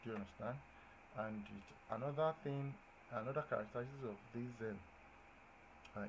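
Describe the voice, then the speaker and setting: A man giving a grammar lesson at a medium pitch, stressing his examples with lively emphasis and checking that his listeners follow. A faint hiss of noise sits behind his voice. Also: creaky, poor audio. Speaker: teacher. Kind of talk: classroom-style grammar lesson.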